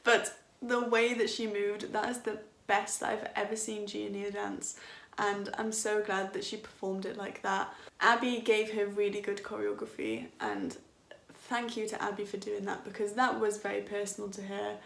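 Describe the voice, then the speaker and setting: A woman's voice: medium pitch, little pitch movement, normal speed, vocal fry, a bit bright, echoey room. A young woman in her twenties talking casually as a dance reaction vlogger, enthusiastic and rambling, laughing often.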